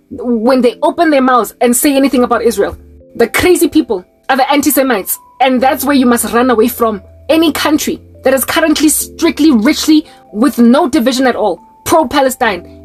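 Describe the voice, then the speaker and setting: Young woman, South African accent, high voice, fervent, rhetorical questions, impassioned monologue. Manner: fervent, rhetorical questions, mixes in local-language phrases. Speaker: Christian online preacher.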